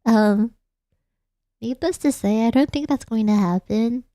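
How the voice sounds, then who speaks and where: A woman's voice: on the high side, a little slow, warm tone, no echo. Giggly young woman from Australia, dry sound. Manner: playful, giggly, rambling. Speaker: vtuber streamer. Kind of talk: casual late-night chat.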